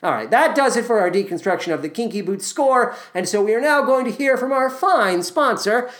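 A man's voice: very high-pitched, expressive, a little fast, few pauses, fairly bright tone. A man hosting a podcast, reviewing a musical score with wry, exasperated sarcasm. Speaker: podcast host. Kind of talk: scripted comedic review.

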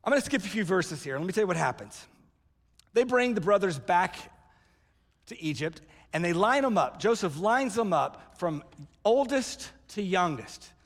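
A man preaches with a high voice and an animated storytelling manner, acting out the voices in the story. His sermon rings with the long reverb of a large hall. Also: normal speed. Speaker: pastor.

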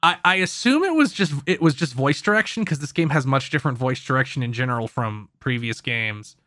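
A man's voice: medium pitch, expressive, a little fast, sharp tone, dry recording. Man chatting on a dry gaming podcast. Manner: rambling, swears casually, self-correcting. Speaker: podcast co-host. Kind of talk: casual gaming podcast chat.

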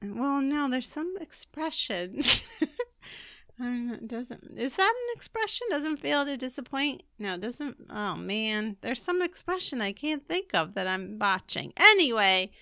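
A woman's voice: on the high side, lively intonation, unhurried, few pauses, sharp tone, no room sound, clean studio sound. A woman co-hosting a podcast in casual chat, telling a rambling story, laughing and correcting herself. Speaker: podcast co-host.

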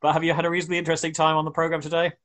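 A man's voice: fairly high pitch, monotone, racing, a bit bright. A man hosting a radio show, chatting with guests and making jokey, rambling asides.

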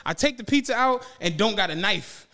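A man co-hosting a podcast who tells a long story in casual chat, profane and animated, laughing often and acting out what people said. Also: sits high, fairly quick. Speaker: podcast co-host.

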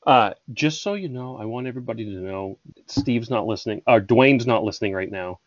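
A man's voice: mid-range voice, fairly quick, dry recording, dull audio. A man in his thirties co-hosting a casual podcast, chatty and jokey, stumbling now and then as he reads aloud. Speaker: podcast co-host.

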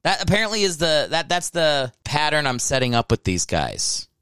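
A man's voice: on the high side, sing-song, moderate pace, fairly bright tone, clean tone, no room sound. A man in his thirties from Ohio, a comedian hosting his podcast alone and talking close to the mic in a rambling, joking, profane way. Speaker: podcast host and stand-up comedian. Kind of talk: casual solo podcast monologue. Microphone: close microphone.

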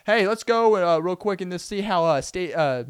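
A man's voice: high voice, expressive, normal speed, clean tone, no room sound, clean studio sound, voice pushed up. A man mimicking the narrator of a school anti-bullying video, in a hammy, presenter-like way. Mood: upbeat, presenting.

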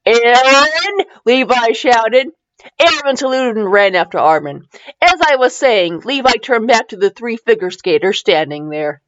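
Woman, comedic fan fiction reading, giggly, wired on caffeine, swooping pitch, dull lo-fi sound. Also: normal speed. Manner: giggly, excitable, frequent laughing outbursts and tangents. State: wired on caffeine after little sleep.

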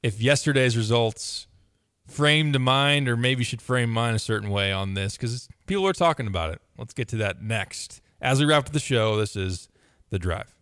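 A man co-hosting a sports radio show, talking in a steady, informed, easygoing way. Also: mid-range voice, moderate pace, smooth, dry recording, clean studio sound. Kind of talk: casual sports talk.

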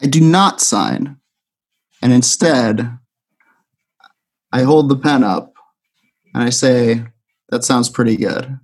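A man plays his character in an improvised tabletop game. He starts with hesitant fillers, then delivers his lines deadpan. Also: mid-range voice, slow pace, pauses often, husky. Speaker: player. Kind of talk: improvised role-play.

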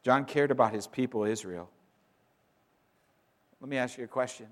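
A man's voice: mid-range voice, normal speed. Emphatic preacher man in a reverberant hall. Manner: emphatic, swings between loud declarations and quiet asides. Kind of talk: sermon. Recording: long reverb of a large hall.

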